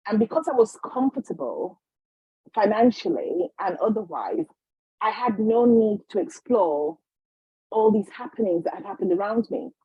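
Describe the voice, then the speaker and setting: A woman being interviewed as a guest healer, telling her story in a lively way and acting out the voices of the people in it. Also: medium pitch, moderate pace, slightly rough, dry recording. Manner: animated, acts out quoted voices. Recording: slightly dull lo-fi recording.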